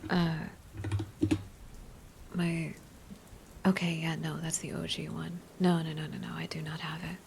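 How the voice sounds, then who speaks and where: A woman streamer in a whispered ASMR chat, musing softly in rambling, nerdy tangents. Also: low-pitched, level tone, unhurried, gravelly, long pauses, noisy background.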